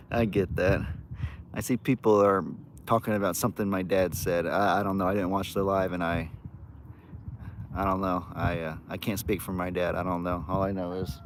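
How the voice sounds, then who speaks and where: A man's voice: low-pitched, flat delivery, moderate pace, noisy background. A man in a casual farm vlog, talking in a folksy, rambling way into a phone camera outdoors. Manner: folksy, rambling, coos baby talk at cats. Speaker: farm vlogger.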